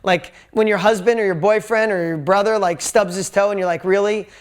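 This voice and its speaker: Speaking briskly in a steady voice that sits high, this seminar speaker delivers a sales talk to a live audience from an event stage. He animatedly tells stories, performs quotes and drops casual swear words.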